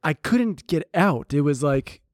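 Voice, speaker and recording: A man's voice: fairly high pitch, animated, measured pace, no echo, clean studio sound. Man telling rambling dating stories. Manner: rambling storyteller, acts out quotes. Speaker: podcast co-host. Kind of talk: casual chat.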